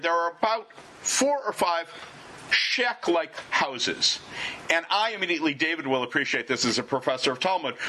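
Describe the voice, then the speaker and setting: A man spinning a personal anecdote with a fairly high, bright voice that swoops up and down as he tells it. His delivery is animated and wry, with self-deprecating asides, and a faint ambient hum sits behind him. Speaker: storyteller. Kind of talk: personal travel anecdote told to listeners.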